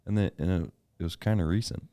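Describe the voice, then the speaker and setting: A man's voice: sits low, fast, warm tone, dry recording. A young man from Wisconsin co-hosting a podcast, chatting casually and joking, saying "dude" a lot. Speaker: podcast co-host. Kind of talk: casual chat.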